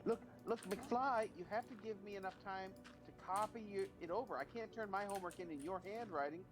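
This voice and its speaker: A man doing a high, pushy Biff. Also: a little fast, over music, natural voice. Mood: bullying. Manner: pushy, demanding shouting. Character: bossy bullying teenage movie tough guy.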